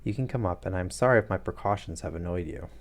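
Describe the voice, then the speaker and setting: Jittery scared heavyset guy, a man reading him out, kinda low voice, pleading. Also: fast. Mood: nervous. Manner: nervous, pleading. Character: fat nervous frightened middle-aged man.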